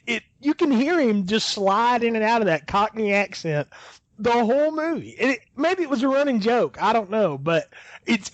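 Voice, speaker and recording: A man co-hosting a podcast in casual chat, animated, often chuckling as he talks. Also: high-pitched, no echo. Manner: animated, chuckles while talking. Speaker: podcast co-host.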